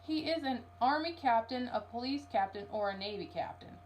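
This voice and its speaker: A woman's voice: a little high, lively intonation, fairly quick, slight background noise, lightly acted. A woman voicing a confused, overly formal male city hall clerk on the telephone in a storybook reading. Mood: prim.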